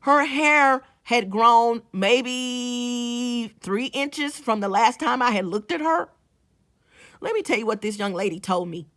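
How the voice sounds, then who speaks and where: A woman's voice: a little high, lively intonation, takes it slowly, a bit bright. A woman, a small-business owner, telling a story to her viewers in a casual vlog. She is chatty, restarts her sentences and talks straight to the audience.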